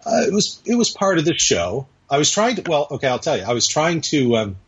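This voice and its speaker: A man guests on a podcast, spinning a long, rambling anecdote full of hesitations in casual conversation. His voice is fairly high, very animated, a bit bright and fairly quick. The lo-fi audio sounds dull, with slight background noise.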